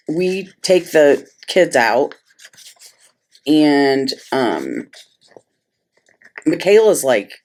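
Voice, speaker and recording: A woman's voice: low voice, a little mellow. A middle-aged woman casually telling a story while she plans, chatty and exasperated. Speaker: planner vlogger.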